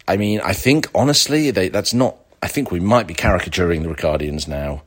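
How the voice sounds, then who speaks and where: A man with a very low voice hosts a casual solo podcast. He rambles through digressions with a dry, sarcastic edge, full of fillers and restarts. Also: a little fast, hardly any pauses. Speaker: podcast host.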